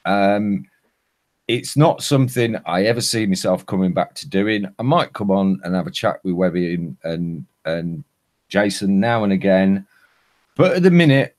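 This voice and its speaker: A man's voice: deep voice, expressive, normal speed, a little mellow. An older man from Lincolnshire, a former podcast host, chatting casually and telling rambling stories full of restarts. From Lincolnshire, England. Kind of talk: casual chat.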